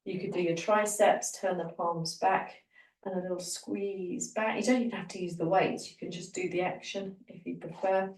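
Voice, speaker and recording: A woman teaching a guided Pilates session, giving calm, encouraging step-by-step cues for breathing and movement. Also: lowish voice, normal speed, recorded from a distance. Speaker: Pilates instructor. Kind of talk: guided exercise class. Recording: roomy echo, voice from off the mic.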